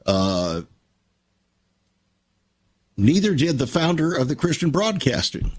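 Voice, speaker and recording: Older husky-voiced male radio host. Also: fairly high pitch, big pitch swings, slow. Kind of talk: conversational radio talk.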